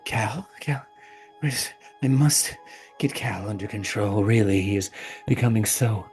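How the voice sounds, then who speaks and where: Unhinged old noblewoman, fussy and rambling, shrill outbursts, put on by a man. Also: measured pace, a little mellow, faint music behind, lightly acted. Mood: fretful.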